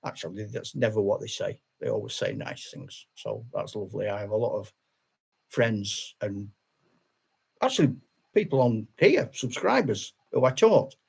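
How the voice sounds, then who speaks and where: Older man, gravelly husky voice, casual rambling live chat, frequent chuckles. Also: lowish voice, very animated, moderate pace, a little mellow. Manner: chatty, laughs often, rambling with restarts. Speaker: channel host.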